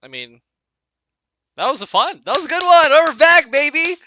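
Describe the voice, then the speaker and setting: A man's voice: very high-pitched, big pitch swings, normal speed, noisy background. A young man narrating casually as dungeon master, who laughs often and trails off and restarts his sentences. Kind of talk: casual tabletop game narration.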